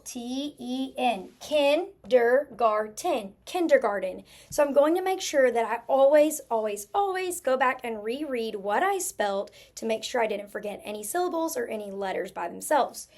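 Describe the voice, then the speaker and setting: A woman's voice: a little high, expressive, normal speed, few pauses, a little mellow. A woman teaching a spelling lesson to young students, patiently sounding out words letter by letter.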